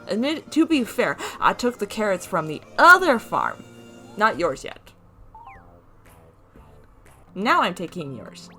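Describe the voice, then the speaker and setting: A woman's voice: medium pitch, wildly swooping pitch, moderate pace, sharp tone, soft background music. A woman giving playful, giggly casual commentary while playing a video game. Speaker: let's play host.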